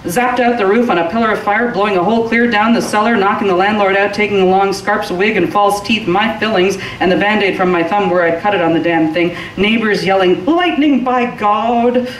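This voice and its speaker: A woman's voice: medium pitch, fairly even intonation, brisk, hardly any pauses. A woman giving a live reading of a short story, rolling expressively through long rhythmic lists. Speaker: reader. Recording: roomy and distant from the mic, faint hiss.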